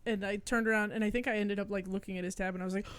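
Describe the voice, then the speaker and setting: A woman co-hosting a talk show, chatting conversationally and chiming in with quick agreement. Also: medium pitch, steady tone, slight background noise. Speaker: podcast co-host. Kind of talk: casual chat.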